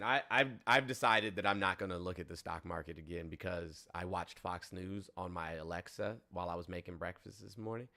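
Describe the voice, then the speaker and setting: A man's voice: deep voice, vocal fry, sharp tone. A man hosting a call-in show, talking bluntly and with plenty of swearing and fillers. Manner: blunt and profane, with frequent fillers. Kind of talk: casual political chat.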